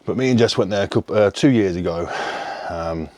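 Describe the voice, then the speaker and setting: Very low-voiced rambling man. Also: brisk, warm tone, no room sound. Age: 30s. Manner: rambling, frank, casual swearing. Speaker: fitness coach. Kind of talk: casual vlog chat.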